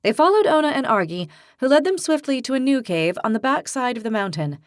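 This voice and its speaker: A woman reading a fantasy audiobook in a clear, even storytelling voice. The recording is dry and close to the mic, with no room sound. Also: high-pitched, brisk, dry recording. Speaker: audiobook narrator. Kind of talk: scripted narration.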